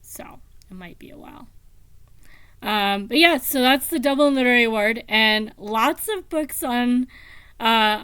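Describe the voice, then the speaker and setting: Slow, meandering woman chatting about books. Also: medium pitch, fairly bright tone, clear, resonant tone, no room sound. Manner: slow, meandering, many ums. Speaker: book vlogger. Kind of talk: casual book chat.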